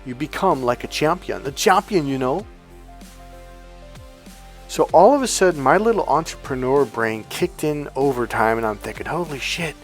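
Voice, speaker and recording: A man's voice: mid-range voice, expressive, moderate pace, faint music behind. Man casually telling a rambling story. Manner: rambling, self-correcting, swears casually, acts out past dialogue. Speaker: dating and relationship coach.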